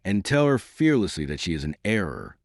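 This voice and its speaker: A man's voice: sits low, very animated, a little fast, no room sound, clean studio sound. A man voicing a pleading, impulsive young noblewoman in an audiobook reading. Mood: eager. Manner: imploring, emotional.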